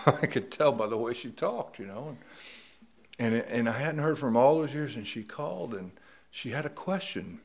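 A middle-aged man preaching a sermon, slow and deliberate, rising to emphatic stress on key words. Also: mid-range voice, lively intonation, vocal fry.

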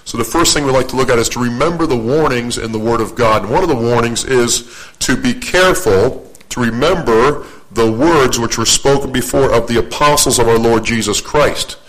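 A man's voice: mid-range voice, moderate pace, a bit bright, low-quality recording. An older man giving a folksy, storytelling sermon as a guest preacher. He jokes at his own expense and often repeats and restarts his phrases. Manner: joking, self-deprecating, repeats and restarts phrases.

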